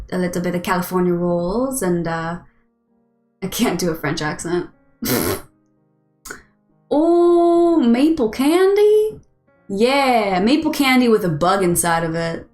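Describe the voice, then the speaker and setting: A woman's voice: fairly low pitch, reverberant. A woman host chatting casually with viewers on a live stream, rambling and giggly. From United States.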